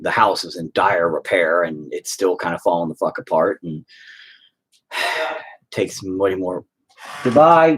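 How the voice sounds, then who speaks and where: A man's voice: low voice, breathy edge. A man chatting at home while painting, rambling through a profane, opinionated rant.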